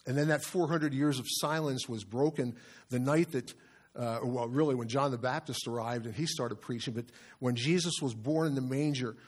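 Pastor, male, middle-aged, mid-pitched voice, earnest conversational sermon delivery. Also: normal speed. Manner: earnest, conversational preaching with asides to the congregation.

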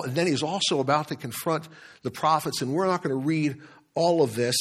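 Animated male preacher telling a story. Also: medium pitch. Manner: animated storytelling, repeats words, chuckles. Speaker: pastor. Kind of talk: sermon.

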